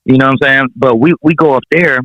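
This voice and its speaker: A man with a mid-range voice talks at a quick pace, appearing as a rapper guest in a casual interview. He tells stories in slangy, profane language, laid-back and chuckling through his anecdotes. The recording is dull and dry, with no echo.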